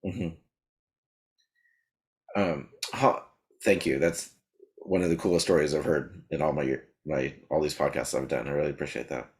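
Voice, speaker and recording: Male podcast host, extremely low voice, short quiet replies. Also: fairly even intonation, unhurried, pauses often. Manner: brief quiet acknowledgements.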